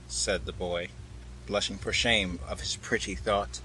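A man narrating a storybook tale in a measured, unhurried way. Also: lowish voice, a bit bright, a little hiss or hum, poor audio.

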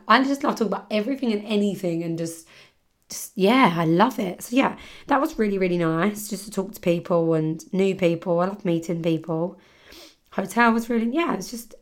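A woman talks through a casual solo podcast catch-up. She rambles freely, fills her sentences with "like", and her voice carries a lingering sore throat at an everyday mid pitch. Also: animated, brisk. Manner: chatty, rambling, full of "like". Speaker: podcast host.

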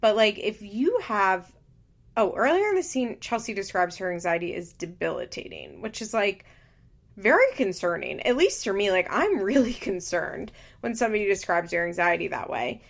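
A woman's voice: medium pitch, big pitch swings, moderate pace, gravelly. A woman giving casual, opinionated commentary on a reality show, talking freely with lots of filler words. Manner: chatty, opinionated, frequent "like" fillers. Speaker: podcast host recapping reality TV.

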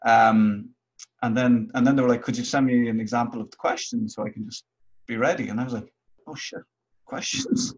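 A man hosting a podcast, chatting casually over a video call and joking with a deadpan, teasing manner. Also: medium pitch, fast talker, husky. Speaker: podcast host. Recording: dull lo-fi call audio.

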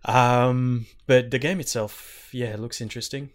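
A man's voice: medium pitch, fairly even intonation, normal speed. Laid-back man chatting about games. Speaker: podcast co-host. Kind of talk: casual gaming chat.

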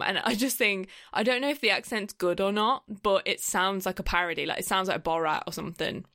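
A woman, co-hosting a podcast and chatting casually about a film, swearing freely and drifting into quick asides. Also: medium pitch, sharp tone, no room sound, clean studio sound. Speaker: podcast co-host. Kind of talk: casual film review chat.

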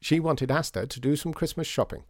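Cheerful brisk young woman, raised voice, breezy, a man doing it, storybook. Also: a little high, no echo, clean studio sound, voice pushed up, close to an everyday voice. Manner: cheerful, brisk, matter-of-fact.

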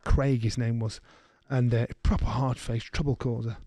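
A middle-aged man, co-hosting a podcast, telling a story in a lively way and slipping into the voices of the people he quotes. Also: medium pitch, moderate pace, no echo. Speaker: podcast co-host. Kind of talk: casual storytelling chat.

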